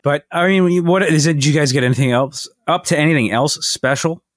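A man's voice: fairly high pitch, brisk, dry recording. A man chatting casually as a podcast co-host, making dry, wry remarks. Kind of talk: casual chat.

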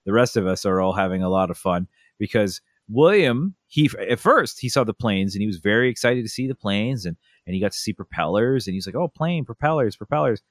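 A young man telling family stories in a relaxed chat, acting out a toddler's lines with lots of energy. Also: lowish voice, brisk, few pauses, no room sound, clean studio sound. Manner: animated storyteller, acts out a toddler's voice. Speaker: podcast co-host. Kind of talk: casual storytelling chat.

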